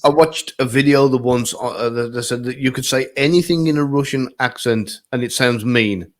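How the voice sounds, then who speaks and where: A man hosting a casual podcast conversation who chats easily, laughs often and answers with quick replies. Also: medium pitch. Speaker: podcast host.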